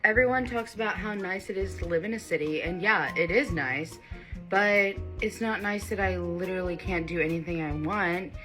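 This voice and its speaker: A woman gripes to the camera in a wistful monologue. Her voice is bright and crisp, with soft music playing behind her. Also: mid-range voice, poor audio.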